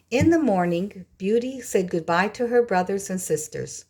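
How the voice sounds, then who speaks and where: A woman narrating a storybook in a slow, deliberate reading. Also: mid-range voice, animated, a little mellow. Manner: slow, deliberate, clear wording.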